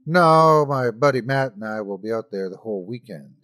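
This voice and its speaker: A man's voice: mid-range voice, lively intonation, moderate pace, fairly bright tone, natural voice. A man voicing a big, blunt, folksy hunter driving a truck. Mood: chatty.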